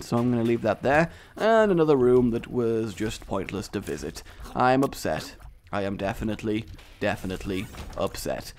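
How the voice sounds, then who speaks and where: A young British man giving jokey, rambling commentary while playing a game, now and then slipping into silly put-on accents. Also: mid-range voice. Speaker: gaming commentator. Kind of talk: let's play commentary.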